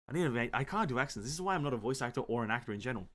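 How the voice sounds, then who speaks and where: A male gaming creator chatting through a playthrough in a relaxed, offhand way. His voice sits at an ordinary middle pitch. He drops curses casually and pokes fun at himself as he goes. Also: rapid-fire, hardly any pauses. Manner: joking and self-mocking, swears casually. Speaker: gaming YouTuber. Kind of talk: casual game playthrough commentary.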